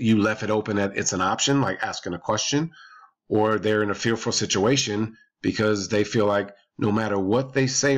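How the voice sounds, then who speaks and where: A man giving calm, explanatory parenting advice on a podcast and repeating his points. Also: lowish voice. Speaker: parenting behavior coach.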